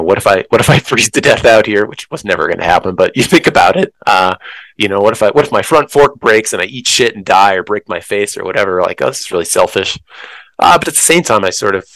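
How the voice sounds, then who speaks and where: A middle-aged man talking candidly in a casual interview, reflective and thoughtful, with frequent pauses and ums. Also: fairly low pitch, a bit bright, no room sound, rough recording. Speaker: guest, math professor and bikepacker.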